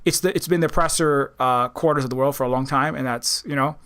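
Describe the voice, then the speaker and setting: A man's voice: mid-range voice, fast talker, a bit bright, smooth. A man hosting his own channel, giving a rambling, heated political monologue with many restarts and mocking impressions. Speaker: political commentator, channel host.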